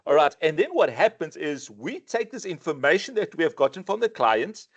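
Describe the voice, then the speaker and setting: South african guy running a sales webinar, kinda high voice, really animated, says and and and a lot. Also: moderate pace. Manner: animated, repeats words when starting sentences. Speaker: sales trainer. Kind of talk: webinar presentation.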